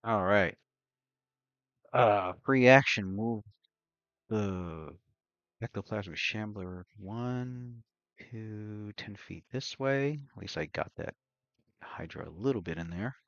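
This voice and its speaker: Man, tabletop game player, mumbling, hesitant, low voice, dry sound. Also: takes it slowly, creaky, long pauses, a bit bright, dry recording, highs cut off. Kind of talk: casual tabletop game play.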